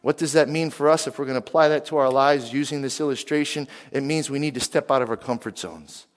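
A man from western Pennsylvania preaching a sermon, lively, and he keeps asking the crowd questions. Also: mid-range voice, fast. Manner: animated, asks the crowd questions. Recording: long hall reverb.

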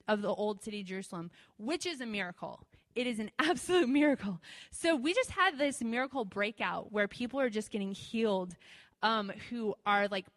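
A woman telling a story to an audience in a chatty, animated way, often laughing and using lots of fillers, recorded in a large hall. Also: medium pitch. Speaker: speaker sharing a testimony. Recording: long hall reverb.

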